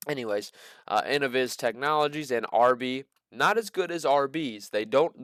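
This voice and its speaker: Joking man with a smooth voice. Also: medium pitch, moderate pace, a bit bright, no echo, clean studio sound. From American Midwest. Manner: joking, rambling asides with sarcastic quips. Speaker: stock market channel host. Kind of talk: casual commentary on earnings reports.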